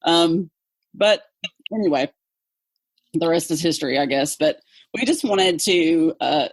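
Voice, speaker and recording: A woman with a Southern accent, an English teacher chatting in an interview, talkative and quick to laugh. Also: low-pitched, dry recording. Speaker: English teacher, podcast co-host guest. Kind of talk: casual interview chat.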